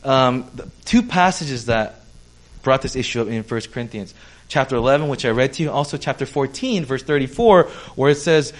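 A man's voice: medium pitch, expressive, moderate pace. A man, a pastor, teaching a conversational sermon, explaining step by step and checking in with his listeners. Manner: explains step by step, checks in with "okay?", acts out quoted people.

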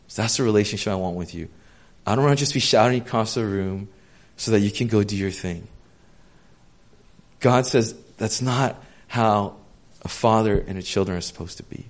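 A man preaching a sermon in an earnest, gentle, casual way, with plenty of fillers. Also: medium pitch, normal speed, long pauses.

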